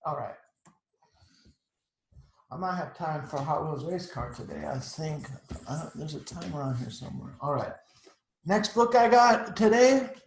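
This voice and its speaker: Man, storytime read-aloud, chatty asides, slightly high voice, echoey room. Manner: chatty, adds asides to the pictures. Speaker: teacher reading to children.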